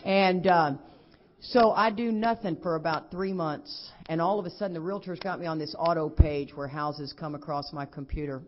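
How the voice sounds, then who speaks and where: A middle-aged woman, giving a lively personal testimony at a recovery convention and acting out what others said. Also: sits low, moderate pace, a little hiss or hum. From Texas. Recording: dull lo-fi convention recording.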